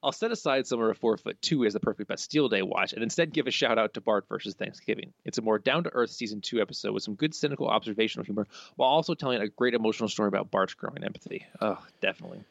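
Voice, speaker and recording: Male podcast co-host, middle pitch, reads listener mail with chuckling asides; dry, slightly dull recording. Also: rapid-fire, creaky, few pauses, no room sound. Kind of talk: casual podcast chat reading listener answers.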